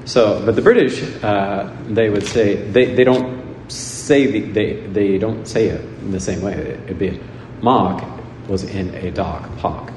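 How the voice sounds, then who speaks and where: A man from Nebraska giving a conversational homily, rambling and halting with many restarts and fillers. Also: fairly low pitch, darkish tone, a little hiss or hum. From Nebraska, USA. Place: church. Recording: echoey church with long reverb.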